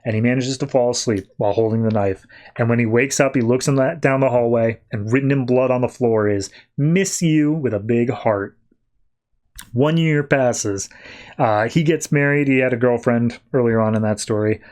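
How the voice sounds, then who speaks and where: A man hosting a podcast, casually recapping a comic book story with animated storytelling and quoted lines. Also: medium pitch, normal speed. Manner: animated storytelling, quoting characters. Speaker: podcast host.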